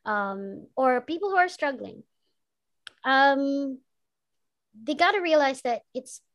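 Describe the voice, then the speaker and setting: A woman with a high voice talks candidly as a podcast guest. She swears freely and laughs often as she speaks. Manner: frank and profane, laughs often, switches between English and Tagalog. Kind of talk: candid conversational interview.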